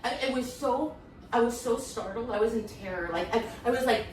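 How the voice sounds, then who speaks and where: Animated woman telling a story, echoey distant sound. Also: fairly high pitch, moderate pace, a little hiss or hum. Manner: animated, acts out others' voices, many fillers. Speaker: interview guest, former acting student. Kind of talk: candid storytelling in conversation.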